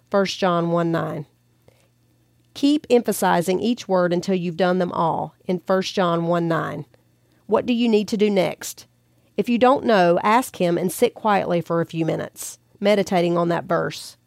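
A woman who hosts a podcast and wrote the book, reading a devotional chapter aloud in a gentle, prayerful way and slowing down for scripture. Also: lowish voice, vocal fry, no echo, clean studio sound. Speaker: podcast host and author.

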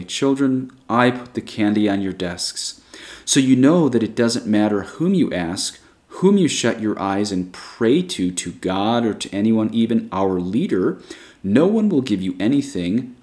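The voice of a sweet, calm schoolteacher woman, as a male storyteller puts her on, soft and coaxing, with an unhurried, reasonable tone. It sounds like a storybook reading, with the pitch lifted a little above the reader's own. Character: gentle persuasive female schoolteacher, sweet and calm.

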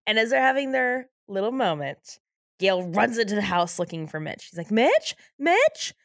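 Animated woman recapping a show. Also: mid-range voice, a little fast, no echo, studio quality. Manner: laughing, animated retelling. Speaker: podcast co-host. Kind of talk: casual recap chat.

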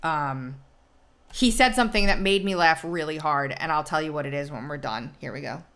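A woman host with a somewhat low voice, talking casually and setting up clips. She's wry and chatty, often dropping into quieter asides. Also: moderate pace. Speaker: show host. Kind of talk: casual commentary.

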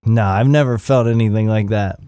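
A man's voice: lowish voice, brisk, warm tone, clear, resonant tone, no room sound, studio quality. Profane, rambling middle-aged man host. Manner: profane, rambling and self-mocking. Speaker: podcast host. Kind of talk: casual solo podcast rant. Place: Los Angeles area.

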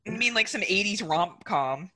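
A woman co-hosting a podcast in casual, animated chat, swearing and laughing often. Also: medium pitch, moderate pace, over a noisy crowd. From Canada. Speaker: co-host.

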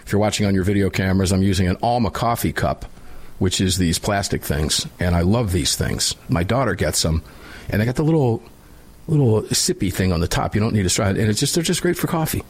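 Husky, opinionated talk radio host man. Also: on the low side, brisk. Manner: blunt, opinionated, animated. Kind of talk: casual talk radio chat. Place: radio studio.

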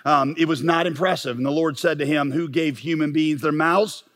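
A man with a fairly high voice preaches from the pulpit, pressing his points home and swelling to strong peaks. His words ring out with a long tail of reverb from a large sanctuary. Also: fairly even intonation, moderate pace, fairly bright tone. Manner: emphatic preaching, rising to bursts of force. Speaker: pastor. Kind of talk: sermon.

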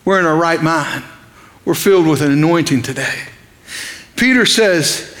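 A man's voice: on the high side, lively intonation, normal speed, pauses often, fairly bright tone, in a large hall. A man preaching an evening sermon in a conversational, impassioned way, asking his listeners questions.

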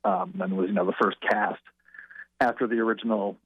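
A man who is a writer and interview guest, telling an anecdote in a rambling, halting way with frequent restarts. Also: on the low side, steady tone, slightly rough, dry recording. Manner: halting, self-correcting. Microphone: telephone. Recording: tinny phone line.

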